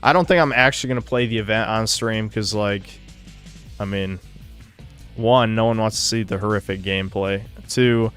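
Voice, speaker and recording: A man hosting a podcast in casual chat, with a monotone voice and a crude, offhand way of talking that trails off. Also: fairly low pitch. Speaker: podcast host and streamer. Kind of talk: casual chat, reading viewer donations.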